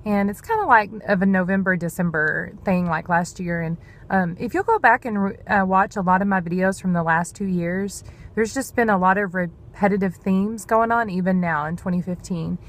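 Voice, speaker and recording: A woman's voice: medium pitch, normal speed. A woman, talking earnestly and a bit rambling in a devotional vlog. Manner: earnest, rambling, says "y'all". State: emotional, near tears. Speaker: vlogger sharing prophetic words.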